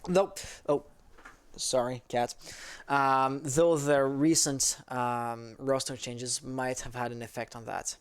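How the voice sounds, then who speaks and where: This esports caster from Quebec, Canada, a native French speaker, talks in English with a Quebec French accent during a casual livestream chat with viewers. His smooth voice is medium-pitched with fairly even intonation and a slow pace, and he rambles easily, responding to chat as he reads it.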